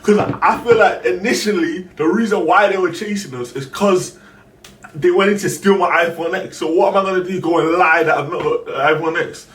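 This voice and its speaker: A young man, a streamer casually telling a story, acting out other people's lines and breaking into shouts. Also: high voice, brisk. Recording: roomy echo, voice far from the mic, faint background noise.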